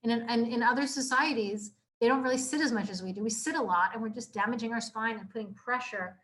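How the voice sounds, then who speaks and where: A young adult woman chiropractor giving an informal health talk to a live audience, casual and earnest, repeating herself and filling pauses with "like" and "you know.". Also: fairly high pitch, a bit bright. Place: community room, live audience.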